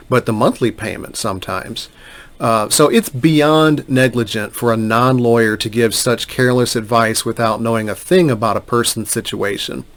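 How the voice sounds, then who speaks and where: A man, a middle-aged bankruptcy attorney, talking straight to camera and emphatically rebutting bad advice with scoffing asides. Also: medium pitch. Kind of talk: direct-to-camera commentary.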